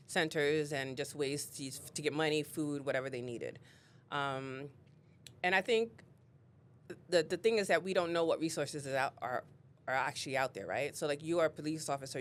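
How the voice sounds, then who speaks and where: A woman who is a guest on an interview show, telling personal stories in an animated way and acting out what people said. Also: low voice, slight background noise. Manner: animated storyteller, acts out quotes. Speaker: guest, real estate leader. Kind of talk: casual interview storytelling.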